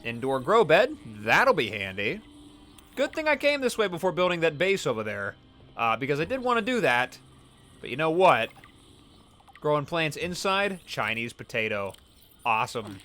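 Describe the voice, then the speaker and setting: Chatty bright-voiced gaming commentator man. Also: fairly high pitch, big pitch swings, moderate pace, faint music behind. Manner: chatty, reads scan texts aloud. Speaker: let's play host. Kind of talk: gameplay commentary.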